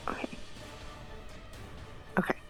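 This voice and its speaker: A woman's voice: slow, in a whisper, faint music behind, rough recording. Woman double-checking her moves. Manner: double-checks, soft asides. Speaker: player. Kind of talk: casual tabletop game play.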